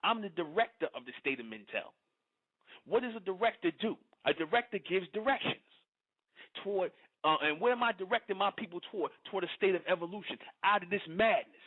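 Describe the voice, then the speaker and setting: A man talks at his listeners in a long, preachy monologue. He pushes his points hard and keeps asking if they understand. His voice sits high and comes through thin and tinny, like a phone line. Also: animated, quick pace, breathy edge. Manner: confrontational, repeats "you understand?". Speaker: online speaker addressing followers. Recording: phone-like lo-fi audio.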